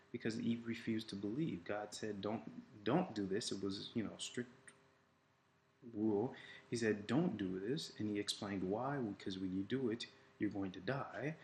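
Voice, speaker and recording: A man giving an informal faith talk, retelling Bible stories casually with quoted voices, halting often with fillers and restarts. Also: fairly low pitch, a little hiss or hum. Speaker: life coach. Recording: echoey room with faint ambience.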